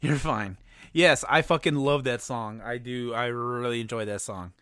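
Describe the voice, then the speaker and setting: A man's voice: medium pitch, normal speed, clean tone, no echo. Male podcast host, casual and jokey, mid-range voice, dry close sound. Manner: jokey, relaxed, runs the segment. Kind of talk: casual chat.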